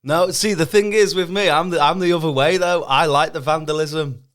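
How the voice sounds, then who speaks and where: A man co-hosting a podcast, dropping quick jokey one-liners into the chat. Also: fairly high pitch, steady tone, a bit bright. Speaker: podcast co-host. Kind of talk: casual chat.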